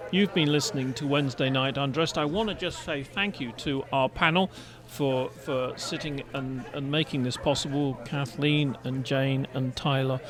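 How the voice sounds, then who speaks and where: An English man from London hosting a podcast, chatty and wry, with polite phrasing. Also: on the high side. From England. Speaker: podcast host. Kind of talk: casual panel chat.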